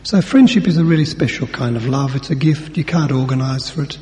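Preacher in a reverberant hall. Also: male voice, medium pitch, a little fast, a little mellow. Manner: conversational, acts out dialogue with colloquial asides. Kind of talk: sermon. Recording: long hall reverb, faint hum.

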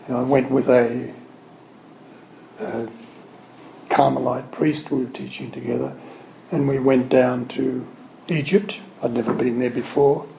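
Mellow man telling rambling faith stories. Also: medium pitch, creaky, a little hiss or hum. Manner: rambling, digressive storytelling with frequent self-corrections; earnest, openly emotional about his subject. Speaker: Catholic religious speaker giving a spiritual talk. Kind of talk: anecdotal spiritual talk. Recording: roomy echo with faint ambience.

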